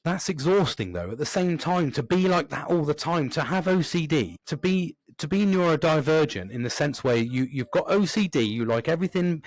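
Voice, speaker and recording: A man in his thirties, hosting a podcast in casual chat. He swears constantly and rambles in an animated way, acting out his own inner voices with big jumps in pitch. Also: moderate pace, few pauses, no room sound. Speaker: podcast host.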